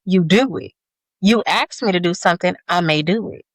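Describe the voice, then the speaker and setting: A woman's voice: lowish voice, no room sound. Blunt, profane woman on a podcast. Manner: blunt, profane, talks fast in long stories. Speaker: podcast co-host. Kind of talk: casual chat.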